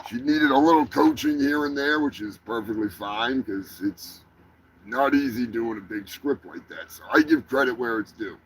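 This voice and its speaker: A man's voice: medium pitch, normal speed, slight background noise, rough recording. A man hosting a comedic live stream, talking in a crude, rambling, profane way. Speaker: host. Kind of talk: crude comedic livestream chat.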